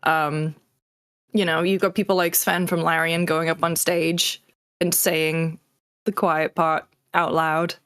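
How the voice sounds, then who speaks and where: A woman's voice: low voice, flat delivery, takes it slowly, a bit bright, clear, resonant tone, no room sound, clean studio sound. A woman co-hosting a games news show, speaking frankly with a wry, exasperated edge. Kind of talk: casual news discussion.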